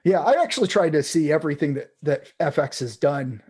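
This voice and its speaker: A man's voice: fairly high pitch, expressive, brisk, a little mellow, husky. A man hosting a casual tech chat, rambling with restarts and fillers. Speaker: podcast host.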